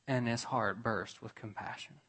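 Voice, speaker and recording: A man preaching a sermon to his church, slow and deliberate, building to emphatic, raised passages and dropping to quiet ones. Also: mid-range voice, steady tone, slightly rough. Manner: slow, with long pauses, rising to emphatic peaks. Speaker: pastor.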